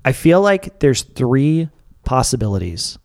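A man co-hosting a casual chat that counts down music videos, playful and quick to laugh. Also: medium pitch. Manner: playful, animated, laughs often. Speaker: co-host.

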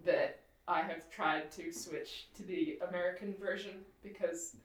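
A woman's voice: lowish voice, fairly even intonation, unhurried. Chatty woman laughing through a roomy podcast. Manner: chatty, laughs often, rambling. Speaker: podcast co-host. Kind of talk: casual chat. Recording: echoey room from far off with faint noise.

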